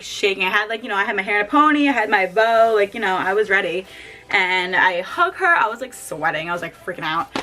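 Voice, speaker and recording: A young woman vlogger telling an excited story at home, gushing and saying "like" constantly. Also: mid-range voice. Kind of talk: casual story time.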